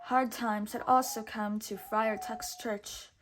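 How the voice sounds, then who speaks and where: A woman reading a storybook aloud with expressive, measured narration. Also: fairly high pitch, slight background noise.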